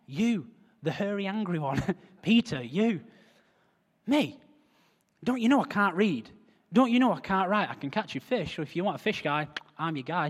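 A man with a high voice preaches with lively energy, dropping to quiet asides and rising to loud, emphatic calls. His voice rings out with a long hall echo behind it. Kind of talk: sermon. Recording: hall reverb.

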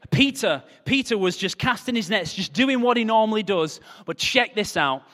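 A man with a high voice preaches with lively energy, dropping to quiet asides and rising to loud, emphatic calls. His voice rings out with a long hall echo behind it. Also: fairly quick, few pauses. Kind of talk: sermon. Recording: hall reverb.

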